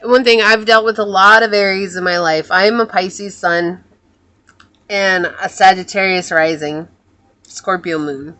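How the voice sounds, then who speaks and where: Bright-voiced woman reading tarot. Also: mid-range voice, steady tone, measured pace. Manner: musing, soft-spoken, often trails off and corrects herself. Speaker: tarot reader. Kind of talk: pick-a-card tarot reading.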